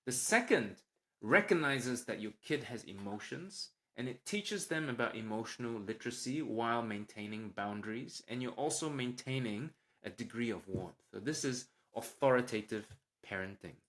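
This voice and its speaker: A man hosting a solo parenting podcast, calmly explaining tips and acting out sample lines a parent might say. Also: mid-range voice, normal speed. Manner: calm, explanatory, acts out parent lines with a livelier voice. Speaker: podcast host, parenting doctor.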